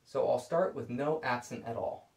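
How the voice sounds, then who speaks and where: A man calmly explaining violin bowing technique in a scripted video lesson. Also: mid-range voice, moderate pace, gravelly, heavy background noise. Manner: calm, explanatory. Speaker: violin teacher. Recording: echoey room.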